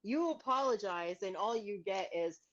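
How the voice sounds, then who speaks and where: A woman's voice: medium pitch, animated, moderate pace, muffled recording. A woman co-hosting a podcast, chatting in a blunt, profane, rambling way. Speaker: podcast co-host. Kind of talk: casual chat.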